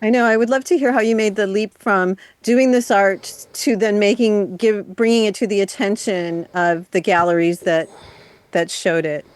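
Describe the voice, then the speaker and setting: A woman's voice: mid-range voice, steady tone, moderate pace, smooth, no room sound. A woman co-hosts a radio arts interview in a mid-range voice. She speaks with open enthusiasm, circling back over her own words as she asks. The sound is dry and close. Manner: warmly enthusiastic, repeats herself. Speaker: radio show co-host.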